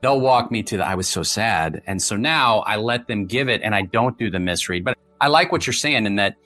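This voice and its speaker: A middle-aged man speaks as a podcast guest, his voice low and bright with a forceful edge. He explains things in long, anecdotal runs and often restarts his sentences. The recording is dry and close, with faint music behind it. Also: lively intonation, brisk, no echo. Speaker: guest author, former polygraph examiner. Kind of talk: conversational podcast interview.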